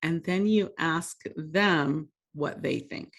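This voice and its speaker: A woman's voice: low voice, slow pace. A woman presenting a workshop lesson, telling stories in a conversational, self-deprecating way and laughing often.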